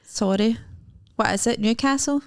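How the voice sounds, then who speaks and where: A woman's voice: on the high side, normal speed, dry recording, studio quality. A Scottish woman co-hosting a podcast, teasing and blunt in casual chat. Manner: blunt, teasing, swears freely. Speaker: podcast co-host.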